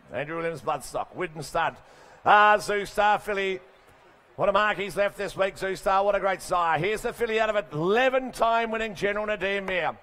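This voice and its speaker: A man working as auctioneer, rattling off bids in a rapid chant and dropping into chatty asides between lots. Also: high voice, a bit bright. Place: sale ring.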